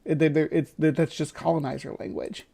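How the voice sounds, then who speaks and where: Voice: medium pitch, flat delivery, a little fast, vocal fry, warm tone, breathy edge. A livestream host giving casual, rambling commentary on a video, stopping to correct and qualify points.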